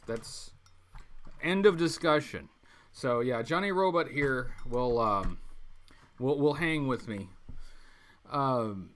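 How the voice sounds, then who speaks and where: Male streamer host, casual chat, bright voice, a bit high, stumbles and restarts a lot. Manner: rambling, many ums and restarts, reads chat aloud. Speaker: livestream host. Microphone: webcam mic.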